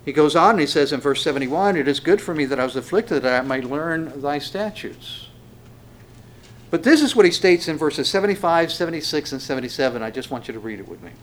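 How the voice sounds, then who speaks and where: A male pastor preaching in a relaxed, folksy way with frequent fillers and restarts. He slows down and raises his voice when reading scripture verses aloud. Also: fairly high pitch. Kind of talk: conversational sermon with scripture reading.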